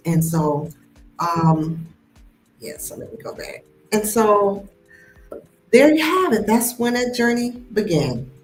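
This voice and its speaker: Woman telling her story in an echoey room. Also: on the low side. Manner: animated, acts out the voices in her story. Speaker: host of a live stream. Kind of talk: personal storytelling on a live stream. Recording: echoey room with faint music behind.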